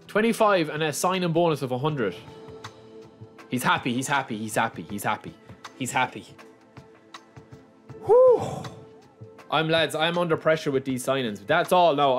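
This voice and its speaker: Excitable young man, lively pitch. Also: fairly quick, faint music behind. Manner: excitable, chatty, keeps calling viewers lads. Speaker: gaming YouTuber. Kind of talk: casual gameplay commentary.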